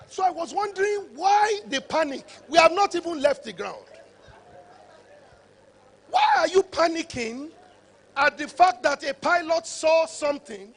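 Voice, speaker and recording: A man giving a motivational conference talk, preacher-like and rising to shouts for emphasis. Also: extremely high pitch, big pitch swings, measured pace, some chatter behind. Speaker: conference speaker.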